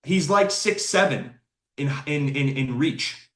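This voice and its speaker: A young man hosting casual opinion commentary on fighters, excitable, blunt and full of slang. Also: a little high, slow pace. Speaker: sports commentator and channel host. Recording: roomy echo.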